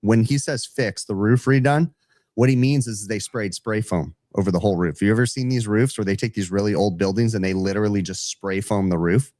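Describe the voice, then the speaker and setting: A man's voice: fairly low pitch, brisk, no echo, studio quality. A man telling a work story on a casual trade podcast, acting out both sides of the dialogue and calling people dude. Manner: animated storyteller, acts out customer dialogue, says dude. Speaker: podcast co-host, HVAC technician.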